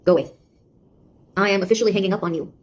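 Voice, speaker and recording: A woman's voice: medium pitch, very fast, close to an everyday voice. An actress playing a sarcastic young woman, a beta tester who mocks and scolds a nosy AI in a one-sided audio drama. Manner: mocking, taunting, exasperated.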